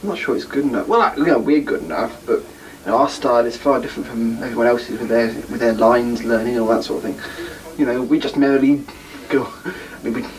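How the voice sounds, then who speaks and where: A man's voice: medium pitch, fairly quick, hardly any pauses, recorded from a distance, poor audio. A man talking casually to his viewers as host, rambling and self-deprecating. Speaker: podcast host.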